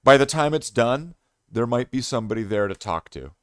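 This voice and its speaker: A man's voice: medium pitch, expressive, fairly quick, smooth, no echo, studio quality. A man live streaming a game, ranting with constant swearing and rambling restarts as he talks to his chat. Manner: rambling, heavily profane ranting with many restarts. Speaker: live streamer and gaming host.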